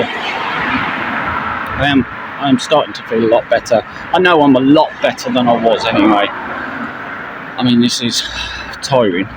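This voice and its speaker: Breathless man vlogging beside loud traffic. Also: mid-range voice. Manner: halting, many fillers and restarts. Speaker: camping channel vlogger. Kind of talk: casual spoken update to viewers while walking. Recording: loud outdoor traffic noise.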